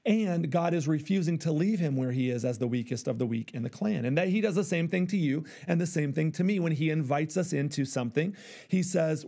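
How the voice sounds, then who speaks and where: A middle-aged male pastor preaching, acting out voices in an animated way. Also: fairly high pitch. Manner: animated, acts out dialogue with God. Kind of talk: sermon.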